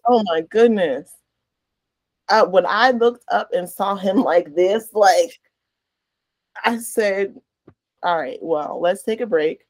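A woman's voice: mid-range voice, slow, pauses often, a little mellow, no room sound. A woman co-hosting a podcast, telling stories bluntly and candidly in casual chat. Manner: blunt, candid storytelling with swearing. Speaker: podcast co-host.

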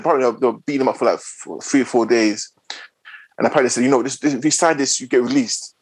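A man's voice: mid-range voice, fast, breathy edge, no echo. A young man chatting on a podcast, emphatic and repeating himself to drive a point home. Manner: emphatic and lively, repeating words to make a point. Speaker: podcast co-host. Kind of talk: casual chat.

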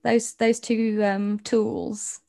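Woman co-host with a creaky, slightly high voice; laughing, self-deprecating banter. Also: flat delivery, very slow, dark tone. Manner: giggly, self-mocking, repeats words. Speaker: podcast co-host. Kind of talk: casual chat.

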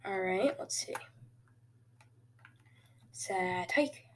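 A woman hosting casual video game commentary, excitable and jokey, with sudden cheers and quiet asides. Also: medium pitch, very slow, slight background noise. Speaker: host.

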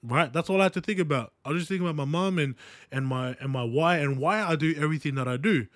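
A man's voice: fairly high pitch, fast talker, fairly bright tone, no room sound. Earnest Australian man, dry close sound. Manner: earnest, repetitive, with frequent "right?" and "guys" asides. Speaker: podcast host. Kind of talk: casual motivational monologue.

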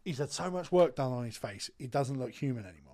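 A man in his thirties hosting a podcast, chatting casually in blunt, sweary, animated banter, recorded in a studio. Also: mid-range voice, fast talker. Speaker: podcast host. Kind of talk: casual chat.

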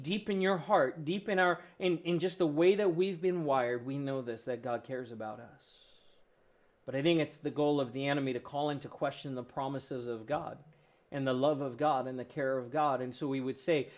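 A man preaching a sermon with emotional swings, building to loud peaks and then dropping to a soft, low voice. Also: normal speed. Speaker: pastor.

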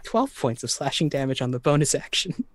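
A man playing a character in a tabletop role-playing game, with a slow, laughing manner. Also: mid-range voice, expressive. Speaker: player.

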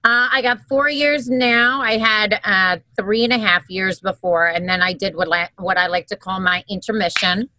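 A woman's voice: mid-range voice, fairly even intonation, sharp tone, no echo. A middle-aged woman from Wisconsin with a mixed New York and Jersey accent, a brassy guest chatting and laughing. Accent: New York-New Jersey mix. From Wisconsin, USA. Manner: brassy, laughing, quick asides. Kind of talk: casual podcast chat.

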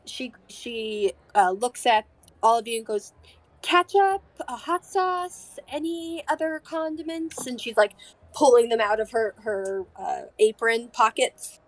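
A woman narrating as game master of a tabletop game, halting often with fillers and restarts. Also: a little high, dry recording.

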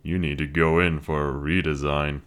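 A man voicing a gruff, wisecracking companion who speaks slowly and dryly. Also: extremely low pitch, flat delivery, a bit bright, voice pushed down. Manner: slow, dry and mocking. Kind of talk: audiobook character voice.

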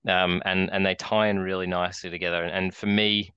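Aussie podcast co-host, low monotone, smooth dry voice, rambling anecdote style. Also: male voice, brisk, dry recording, muffled recording. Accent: Australian. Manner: rambling storyteller, many restarts and fillers. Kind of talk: casual chat.

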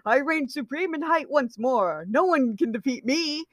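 A woman's voice: animated, moderate pace, no room sound. A woman voicing a boastful, theatrical young man in a read-aloud fan story. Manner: theatrical and booming.

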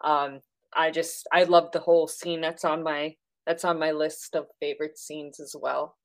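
A woman with a notably low voice chatting about films. She gushes with enthusiasm, sprinkling her talk with little ums and uhs. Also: flat delivery, moderate pace. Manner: enthusiastic, gushing with fillers. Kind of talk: casual film discussion.

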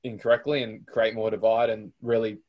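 Rambling australian podcast host. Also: male voice, lowish voice, level tone, fairly quick, highs cut off. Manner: rambling, lots of fillers and restarts. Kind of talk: casual interview chat.

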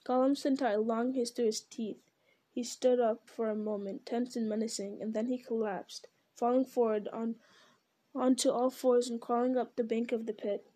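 A woman reading a fantasy story aloud in a measured, steady way. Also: a little high. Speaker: reader. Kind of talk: storybook narration.

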